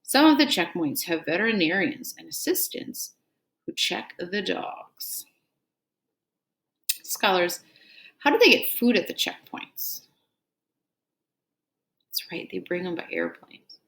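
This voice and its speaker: Slow, patient woman teacher running word drills. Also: on the low side, wildly swooping pitch, fairly bright tone. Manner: call-and-response prompting, repeating "what word?" after each item; patient and encouraging, praising answers. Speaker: elementary reading teacher. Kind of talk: scripted reading drill and read-aloud.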